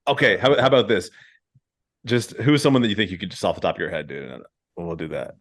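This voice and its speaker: A man's voice: sits low, fast. A man hosting a podcast in casual chat, profane, rambling and laughing often. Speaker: podcast host.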